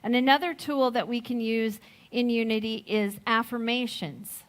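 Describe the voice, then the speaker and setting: A middle-aged woman giving a sermon, slow and reflective, telling a personal story with gentle laughs. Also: fairly high pitch, steady tone. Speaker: speaker at a Sunday service.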